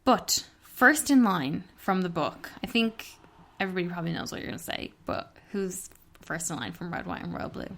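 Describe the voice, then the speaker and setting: A woman with a slightly low voice co-hosts a casual book club podcast. She talks in a candid, chatty way and swears freely. Street traffic drifts in through an open window behind her. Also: huge pitch swings, normal speed, vocal fry, a bit bright. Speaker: podcast co-host.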